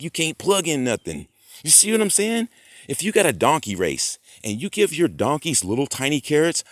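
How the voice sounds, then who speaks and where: A man vlogging a rambling, profane rant that swings between muttering and loud outbursts. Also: on the low side, dry recording, studio quality. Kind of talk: rambling monologue.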